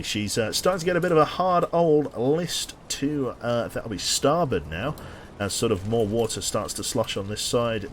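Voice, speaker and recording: A game streamer with a fairly low-pitched male voice offers dry, sardonic live commentary on his gameplay while chatting with viewers and swearing casually. There's a little hiss or hum on the recording.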